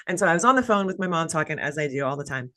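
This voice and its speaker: Chatty low-voiced Southern-raised woman host. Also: lively intonation, rapid-fire, sharp tone. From American South. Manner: chatty storyteller, many "like" fillers. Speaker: podcast host. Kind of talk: casual conversational interview.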